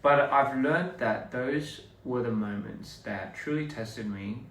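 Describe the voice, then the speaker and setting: A man on a casual livestream, speaking slowly and encouragingly to fans, with pauses and fillers. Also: mid-range voice, fairly bright tone, reverberant, far from the mic, a little hiss or hum, poor audio. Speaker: livestream host answering fans.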